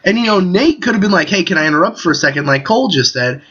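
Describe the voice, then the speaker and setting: A man hosting a casual podcast, telling a story in a profane, animated way over an internet call. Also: high-pitched, fast talker, slightly rough, muffled recording. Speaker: podcast host. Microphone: Skype call recording.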